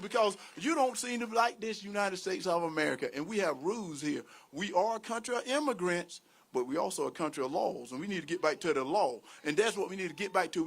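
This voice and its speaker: A man, giving a fervent campaign rally speech, repeating himself, rising to shouts and dropping to near-mumbles. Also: high-pitched. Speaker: political candidate. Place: outdoor campaign bus tour stop.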